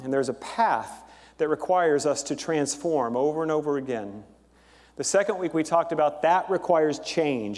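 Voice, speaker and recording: A man gives a relaxed, chatty sermon from the pulpit, slipping in fillers and telling jokes with animated energy. His voice sits a little high for a man. The sound rings with the long reverb of a large church hall. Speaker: pastor.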